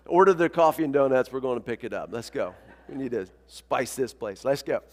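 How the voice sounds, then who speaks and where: A man preaching a sermon as pastor, talking in a conversational, energetic way and calling on the congregation to join in. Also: mid-range voice, a little fast, in a large hall. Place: church sanctuary.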